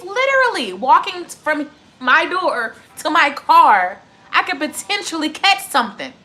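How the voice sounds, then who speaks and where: Lively, bright-voiced young woman ranting. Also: sits high, moderate pace. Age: 20s. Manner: profane, heated ranting to viewers. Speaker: tarot reader streaming live. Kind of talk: casual livestream chat.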